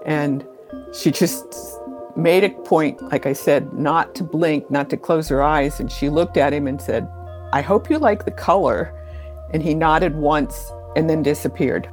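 Low-voiced woman telling a slow story. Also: a little mellow, faint music behind. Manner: slow, unhurried storytelling with pauses. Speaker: interview guest. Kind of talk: storytelling in an interview.

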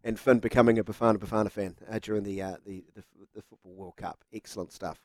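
A man's voice: on the low side, steady tone, quick pace, no echo. A man hosting a sports talk radio show, chatty and playful, with lots of "uh" fillers.

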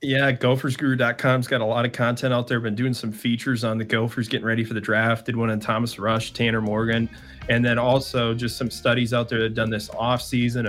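A man's voice: medium pitch, a bit bright. Casual male sports writer guest. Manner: conversational, filler-heavy with frequent "like". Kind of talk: casual sports analysis chat.

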